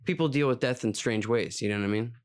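A man's voice: mid-range voice, quick pace. A man co-hosting a casual podcast, talking reflectively in a rambling way with many fillers. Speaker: podcast co-host. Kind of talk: casual chat.

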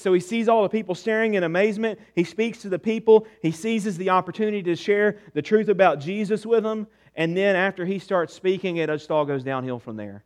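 A man preaching a sermon as pastor, asking rhetorical questions and dropping soft on key words. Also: sits high.

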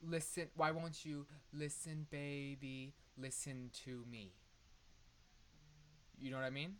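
A man in a casual songwriting session, singing lyric ideas in a high voice that cracks, then mumbling between tries. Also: little pitch movement, slow, slight background noise. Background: loud piano music.

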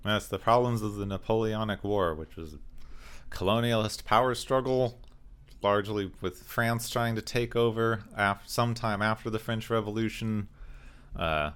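A man co-hosting a casual talk show, explaining points in a measured way. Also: on the low side, a bit bright, clear, resonant tone. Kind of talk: casual chat.

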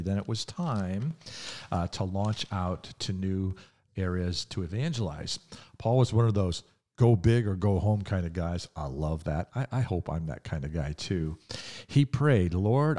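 Older male preacher, very deep voice, folksy and conversational podcast sermon. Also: warm tone. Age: 60s or 70s.

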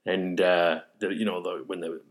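A low-pitched man chats easily with an old friend, trailing off and restarting as he recalls past days. His storytelling is loose and unhurried, full of "uh" and "you know". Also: level tone. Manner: rambling reminiscing, frequent restarts and fillers. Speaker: interviewer. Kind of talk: casual conversation.

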